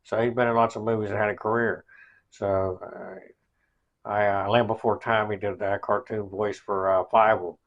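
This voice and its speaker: Man, very low voice, podcast host, rambling casual recap, lots of uhs, muffled lo-fi audio. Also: flat delivery, normal speed. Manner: rambling, many fillers and restarts.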